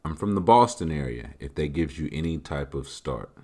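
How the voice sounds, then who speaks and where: Deep-voiced joking podcast host man. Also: moderate pace. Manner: joking, animated, conversational. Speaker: podcast host answering listener questions. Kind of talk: casual chat.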